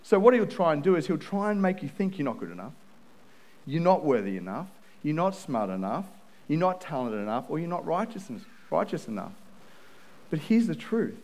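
A man preaching a sermon as pastor, telling a personal story in an earnest way with quick restarts. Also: on the high side, big pitch swings, a little mellow, poor audio.

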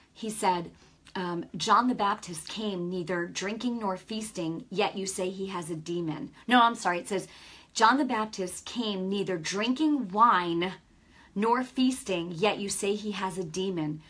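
A woman delivers a relaxed, chatty sermon, stopping for heartfelt asides and restarting her sentences. Her voice is slightly husky and sits at a middle pitch. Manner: conversational, emotional, many restarts and asides. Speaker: preacher. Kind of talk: casual sermon.

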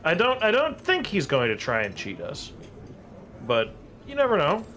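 A man's voice: moderate pace, a little hiss or hum. A man playing a tabletop game, chatting casually about his character. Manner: casual, chatty, with lively pitch. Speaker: player.

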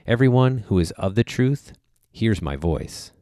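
A man voicing a calm prisoner answering a governor, read slowly and solemnly in a scripture reading. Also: lowish voice, no room sound, clean studio sound, pitched above the performer's own voice.

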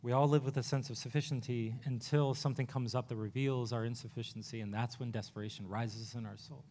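A male pastor preaching a sermon in an earnest, conversational way, rushing through some phrases and slowing on others. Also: medium pitch. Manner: earnest, conversational preaching with quick bursts and pauses.

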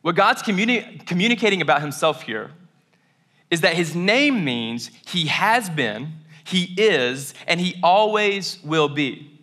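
Casting: young male pastor, bright, slightly high voice, laid-back chatty sermon delivery. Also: animated, measured pace. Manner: casual, conversational preaching with frequent "right?" and "like"; acts out voices of biblical figures in quoted asides.

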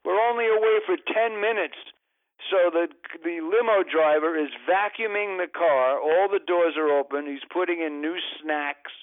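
A man's voice: fairly high pitch, normal speed, phone-quality sound. An older man, a comedian, telling a long rambling story as a radio interview guest, breaking off mid-sentence and throwing in exasperated asides.

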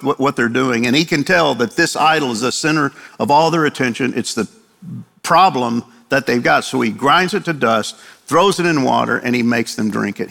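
A man's voice: mid-range voice, gravelly, bright, forceful tone, in a large hall. An older man preaching a sermon in a conversational way, acting out quotes from the text. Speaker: pastor.

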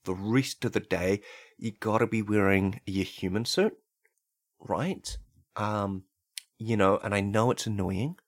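A man's voice: lowish voice, a little slow, no room sound, clean studio sound. Rambling man hosting a comedy podcast. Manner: loose and rambling, many fillers and "right?", deadpan absurd. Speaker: podcast host.

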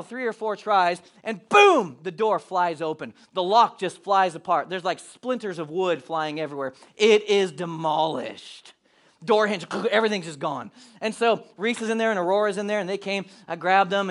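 Mid-sermon, a high-voiced man in middle age recounts something from his family, playing out each line of dialogue with lively energy. He is a pastor.

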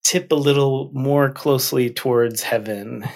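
A man telling an old story and reflecting on it, speaking gently and repeating words for effect. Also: mid-range voice, steady tone, a little slow.

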